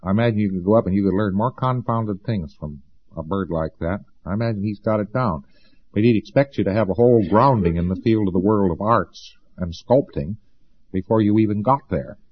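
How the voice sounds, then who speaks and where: A man's voice: lowish voice, a little fast, breathy edge, highs cut off. A man giving an informal lecture to students, folksy and sarcastic, hammering points home by repeating them. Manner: folksy and sarcastic, with emphatic repetition.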